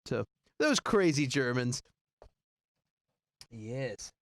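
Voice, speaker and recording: A man's voice: mid-range voice, very slow, dry recording. A man co-hosting a casual livestream chat, telling stories and acting out voices as he goes. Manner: animated storyteller, acts out voices. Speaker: co-host of a livestream.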